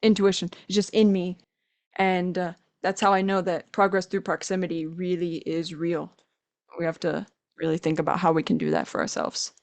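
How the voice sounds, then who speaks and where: A young woman guest on a podcast, chatting casually and telling animated stories with quoted voices. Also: fairly low pitch, moderate pace, creaky. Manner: animated storytelling, acts out quoted voices, laughs often. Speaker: podcast guest, language coach. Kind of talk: casual conversation.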